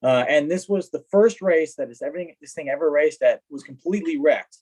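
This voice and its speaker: A man telling stories in a casual chat as a guest, lively, acting out what people said. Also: fairly high pitch, fairly quick, slightly rough, rough recording. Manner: animated, acts out quoted dialogue. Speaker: guest, car collector. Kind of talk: casual storytelling.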